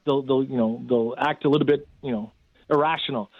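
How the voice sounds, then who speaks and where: A man's voice: medium pitch, steady tone, brisk, dry recording. A man in casual storytelling, rambling with many fillers as he recounts events. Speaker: guest telling a rescue story. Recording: tinny phone line.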